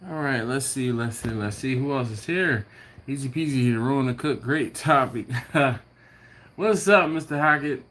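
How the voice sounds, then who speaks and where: A barbecue livestream host with a medium-pitched, fairly bright voice speaks at a normal speed while streaming casually from home. He greets viewers by name and chuckles as he reads their comments.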